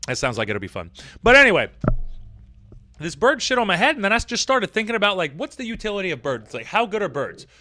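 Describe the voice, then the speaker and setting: A man's voice: high voice, sing-song, fast talker, sharp tone. A young man streaming live, reading out chat comments and ranting with plenty of swearing.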